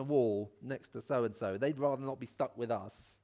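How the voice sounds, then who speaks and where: A man's voice: mid-range voice, moderate pace, few pauses. A man preaching a sermon in an earnest, encouraging way, acting out voices as he tells stories. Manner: animated, acts out voices in a story.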